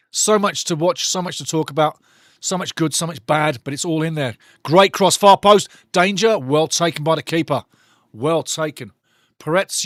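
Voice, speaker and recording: A man's voice: fairly high pitch, no room sound, clean studio sound. A man doing passionate live football commentary for a watch-along, mocking the referee and bantering with the chat.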